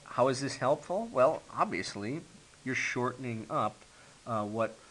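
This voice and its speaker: A man's voice: mid-range voice, lively intonation, measured pace, a bit bright, rough recording. A man teaching a grammar lesson, explaining step by step with frequent ums and okays. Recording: faint hiss.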